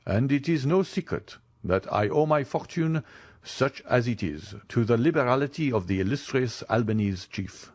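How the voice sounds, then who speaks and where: A man's voice: mid-range voice, animated, moderate pace, a little mellow, voice pushed up, lightly acted. A man reading the part of a formal older general in an audiobook. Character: proud older French general, count.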